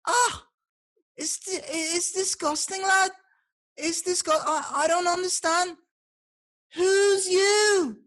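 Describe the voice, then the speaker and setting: A man putting on a Liverpool accent as a loud, indignant young lad who shouts his complaints. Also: very high-pitched, fairly even intonation, slow, long pauses, pitched above the performer's own voice, heavily acted. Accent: Liverpool (put on).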